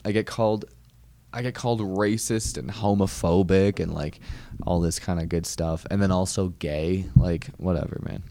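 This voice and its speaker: Low and warm, with fairly even intonation at a normal speed, this man's voice is recorded dry. He's a comedian on his podcast, spinning a casual story in a wry, meandering way and frequently cutting himself off mid-sentence.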